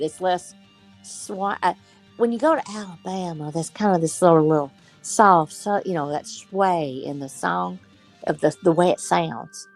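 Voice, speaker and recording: Chatty woman from Texas, rambling. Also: on the low side. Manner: animated, thinks aloud with restarts. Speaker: co-host. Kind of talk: casual group chat.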